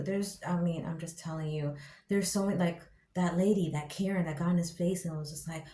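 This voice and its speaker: A woman's voice: lowish voice, fairly quick. Exasperated slangy woman in echoey room. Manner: exasperated, slangy, animated ranting. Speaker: show reviewer. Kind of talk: casual opinion commentary.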